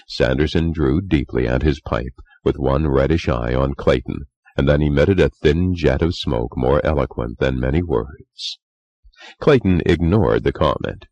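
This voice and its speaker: Brief: male narrator, very low gravelly voice, lively intonation, measured delivery. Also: no echo. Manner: measured storytelling. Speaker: audiobook narrator. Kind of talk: audiobook narration.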